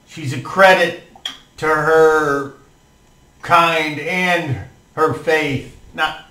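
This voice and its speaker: A man's voice: a little high, fairly even intonation, very slow, pushed and bright, heavily acted. Man playing an earnest, gallant knight. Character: gallant knight praising a young woman. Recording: roomy echo, distant mic.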